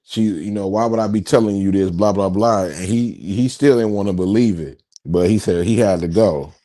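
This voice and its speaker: A man's voice: fairly low pitch, moderate pace, warm tone. A man hosting a casual TV reaction chat, groaning and drawing out his words in mock mourning. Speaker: reaction show host.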